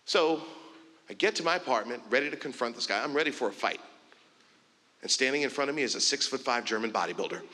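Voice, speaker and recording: A man speaks from a conference stage, telling an animated story and slipping into the voices of the people in it. His tone is bright and forceful, and a long reverb from the big hall trails after each phrase. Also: medium pitch, fast. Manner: animated storytelling, acts out dialogue. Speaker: keynote speaker. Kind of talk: storytelling keynote speech.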